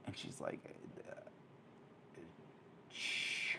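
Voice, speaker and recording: A man hosting his own talk show, telling a personal story in a casual, animated way and acting out the voices of people he met. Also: fairly high pitch, takes it slowly, pauses often, slight background noise. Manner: animated, acts out quoted voices. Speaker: host.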